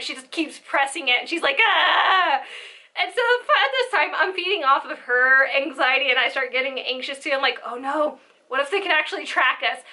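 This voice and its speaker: A woman's voice: high voice, pushed and bright, poor audio. A young woman telling a rambling, giggly storytime vlog with side tangents. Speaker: vlogger.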